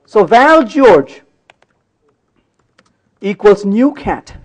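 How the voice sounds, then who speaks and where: A man's voice: sits high, sing-song, extremely slow, low-quality recording. A man giving a conference talk while live-coding, playful and teasing with the audience, often checking that they follow. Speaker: conference speaker. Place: conference hall.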